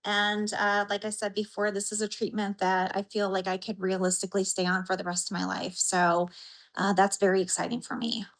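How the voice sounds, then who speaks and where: Woman from idaho talking about her treatment, earnest and heartfelt, lots of little ums, medium pitch. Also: level tone, gravelly, low-quality recording. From Idaho, USA. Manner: earnest, heartfelt, pauses with soft fillers. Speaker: patient. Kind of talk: personal testimony in an interview.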